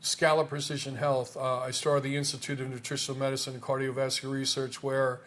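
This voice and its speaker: A man's voice: mid-range voice, little pitch movement, a little fast, fairly bright tone. A man in an interview talking casually about health research, emphatic, with rhetorical questions and frequent restarts.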